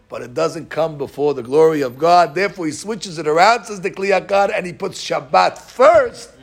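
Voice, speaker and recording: A man teaching a Torah lesson, acting out the dialogue he quotes with lively swings in his voice. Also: vocal fry. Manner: animated, acts out quoted dialogue with rising pitch.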